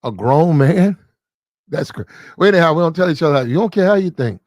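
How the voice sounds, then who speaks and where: A man's voice: a little high, lively intonation, fairly quick, darkish tone, dry recording, clean studio sound. A man hosting casual opinion commentary, preachy and repetitive, talking straight to the people he discusses. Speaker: commentary channel host.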